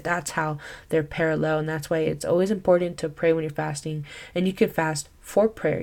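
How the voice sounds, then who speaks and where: A woman's voice: low voice, creaky, darkish tone. A young woman giving a casual Christian teaching talk as a podcast host, earnest and chatty, full of "like" and "you know.".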